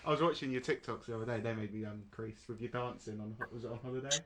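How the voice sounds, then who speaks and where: A young man co-hosting a podcast, excitable and gushing, with lots of fillers. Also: medium pitch, very fast. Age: young adult. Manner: excitable, gushing fan talk with many fillers. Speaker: podcast co-host. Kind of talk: casual podcast chat.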